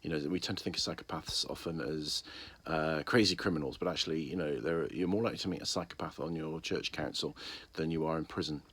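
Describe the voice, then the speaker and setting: A man's voice: a bass voice, steady tone, fast, fairly bright tone, slightly rough, no room sound. A man, musing through a casual spoken review of a TV series with many ums and restarts.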